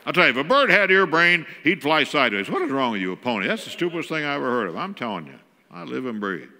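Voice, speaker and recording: A man acting out an exasperated single mother who loudly scolds her son, in a long church reverb. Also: on the low side, huge pitch swings, gravelly, exaggerated voice. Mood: scornful. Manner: loud, scornful, rapid.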